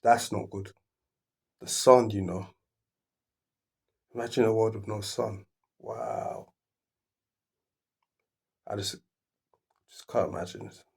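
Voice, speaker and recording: A man's voice: on the low side, fairly even intonation, takes it slowly, creaky, pauses often, darkish tone. A man hosting a reaction video, rambling as he thinks aloud and keeps restarting his sentences.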